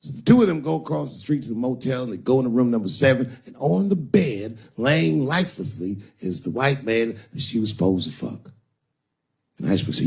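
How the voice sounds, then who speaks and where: A man's voice: medium pitch, big pitch swings, brisk, gravelly, a little mellow, slightly rough. A male stand-up comedian telling a crude, punchy story on stage.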